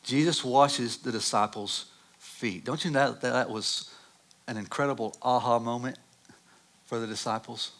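A man preaching a sermon, reading scripture and telling animated personal stories that rise loud at dramatic moments. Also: medium pitch, moderate pace. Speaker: pastor.

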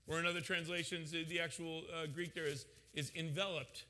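A man preaching a sermon to a congregation, animated and joking with the crowd. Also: on the high side, fast, hardly any pauses, long reverb tail. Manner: animated, jokes with congregation, acts out voices. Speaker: pastor.

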